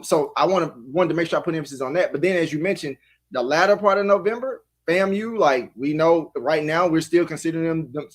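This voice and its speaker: A man analyzing a college football schedule on a live talk show, thinking aloud with many restarts. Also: fairly high pitch. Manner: analytical, talks in restarts and fillers.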